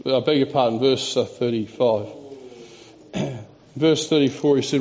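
A man preaching a sermon in an earnest, storytelling way. He reads scripture aloud and often pauses and restarts. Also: mid-range voice, a little mellow. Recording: dull lo-fi recording.

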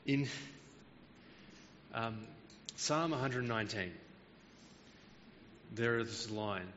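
A man's voice: mid-range voice, takes it slowly, long pauses, a bit bright, big-room sound, lo-fi sound, a little hiss or hum. A man preaching a Bible teaching sermon, explaining verses patiently with frequent hesitant fillers.

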